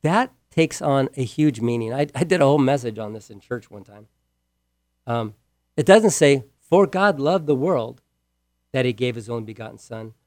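A man preaching a sermon with emphasis, repeating key words and moving between loud and hushed delivery. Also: mid-range voice, animated, moderate pace, no room sound, studio quality. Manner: asks the listeners direct questions.

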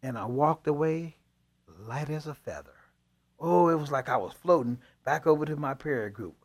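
Animated man telling testimony. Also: fairly high pitch, normal speed. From Chicago. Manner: animated storyteller, dialect grammar, laughs often. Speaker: pastor, co-host. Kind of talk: testimony in faith talk show.

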